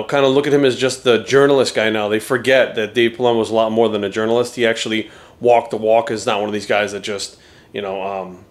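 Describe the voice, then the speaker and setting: A young man chatting casually in a vlog, cursing often and getting excitable. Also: medium pitch. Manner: profane and excitable, talks baby talk to his dog. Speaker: bodybuilding coach and vlogger.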